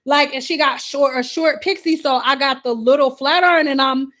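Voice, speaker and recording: A young woman with a high voice tells a salon story to her viewers. She talks in an animated, casual way, with plenty of fillers and swearing. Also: moderate pace. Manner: animated, profane, full of fillers. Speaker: hair stylist.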